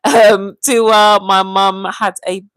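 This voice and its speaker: A woman's voice: mid-range voice, takes it slowly, no echo, low-quality recording. Chatty woman hosting a livestream. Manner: chatty and animated, often calling out viewers' names. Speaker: livestream host. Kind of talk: casual livestream chat, reading viewer comments aloud.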